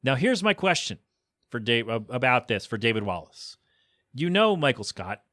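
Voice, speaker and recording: Animated male podcast host, dry sound. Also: mid-range voice, normal speed, dry recording. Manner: animated, acts out characters' quotes. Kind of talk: casual episode recap.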